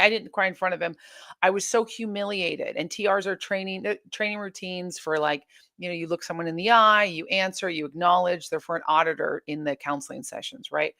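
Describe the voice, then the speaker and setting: A woman's voice: on the low side, dry recording. Woman telling her story, dry sound. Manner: animated retelling, many restarts, acts out quoted exchanges. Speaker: guest. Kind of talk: candid interview storytelling.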